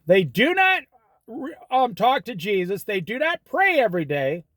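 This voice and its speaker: A man's voice: high voice, big pitch swings, moderate pace, fairly bright tone, no echo. A middle-aged man giving folksy, preachy life and money advice, telling stories as he goes. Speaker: host. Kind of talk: casual monologue.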